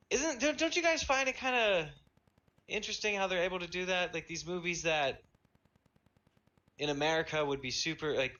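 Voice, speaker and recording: A man's voice: a little high, sharp tone, dull audio. A man co-hosting a casual podcast, joking around and swearing a little. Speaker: podcast co-host. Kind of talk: casual chat.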